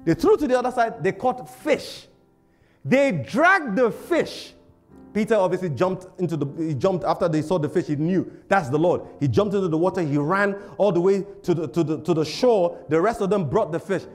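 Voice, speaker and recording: A male pastor preaching a sermon, animated and laughing often, repeating phrases for emphasis. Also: high voice, normal speed, soft background music.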